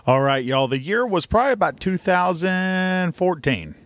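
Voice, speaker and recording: A man's voice: high-pitched, big pitch swings, normal speed, fairly bright tone, dry recording. A man, co-hosting a podcast and telling a rambling road story in a folksy, casual way. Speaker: podcast co-host.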